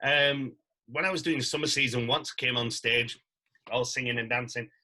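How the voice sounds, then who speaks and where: Actor, middle-aged, bright lively anecdote teller on a podcast. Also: male voice, medium pitch, moderate pace, poor audio. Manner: animated storyteller, acts out quotes. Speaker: guest, stage actor. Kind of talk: casual anecdote-telling.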